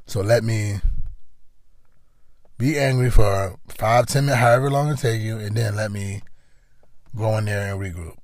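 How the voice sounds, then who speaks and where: Guy with a gravelly voice giving a heartfelt pep talk, dry close sound, keeps repeating himself. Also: on the low side, normal speed, pauses often, dry recording. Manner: earnest, repetitive, conversational. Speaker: podcast host. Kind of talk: motivational monologue.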